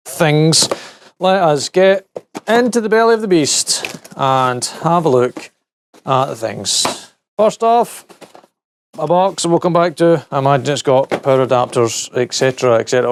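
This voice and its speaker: A man's voice: on the high side, expressive, unhurried, long pauses, a little hiss or hum. A man reviewing tech in a casual teardown vlog, rambling and correcting himself with wry asides. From United Kingdom.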